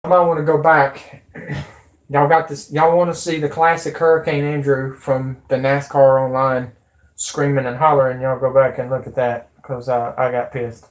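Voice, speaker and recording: A man's voice: mid-range voice, flat delivery, normal speed, reverberant. A man ranting to his viewers on a livestream, rambling and swearing freely, calling them folks and y'all. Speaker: conspiracy vlogger.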